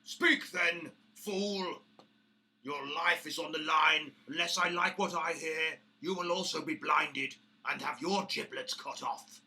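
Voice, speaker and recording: Brief: British man doing a loud, menacing half-orc boss, pompous and theatrical, bright tone. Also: lively intonation, measured pace, full character voice. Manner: booming, theatrical, threatening.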